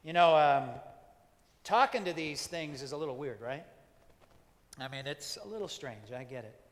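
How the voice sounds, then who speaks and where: A pastor, a man, leading a gentle, reflective sermon with playful asides. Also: on the high side, expressive, moderate pace. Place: church sanctuary. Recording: long hall reverb.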